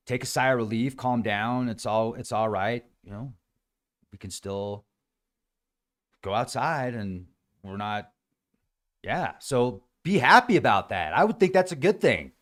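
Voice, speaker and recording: Man, livestream host, casual chat, animated, mid-pitched. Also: unhurried, pauses often. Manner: animated, acts out quoted voices.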